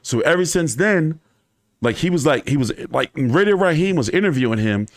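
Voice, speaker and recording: A fairly high-voiced man at a moderate pace tells his boxing channel's viewers loose, laughing stories peppered with profanity. The recording is dry and studio quality, his manner animated.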